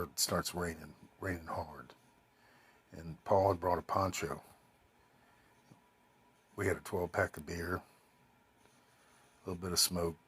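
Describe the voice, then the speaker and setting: A man telling a rambling personal anecdote in a casual, swearing way, quoting other people as he goes. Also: deep voice. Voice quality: very husky. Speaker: storyteller.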